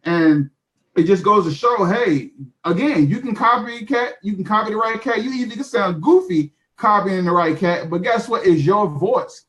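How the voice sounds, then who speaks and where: High, emphatic motivational man. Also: moderate pace, fairly bright tone. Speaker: online marketer sharing his story. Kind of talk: animated talk on a live call.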